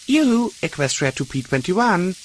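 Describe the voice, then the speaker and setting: A man's voice: high voice, very animated, measured pace, a little hiss or hum, voice pushed up, poor audio. A man voicing a brash, blunt young mare adventurer in an audiobook of a pony story. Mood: teasing. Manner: bold, blunt, lightly teasing.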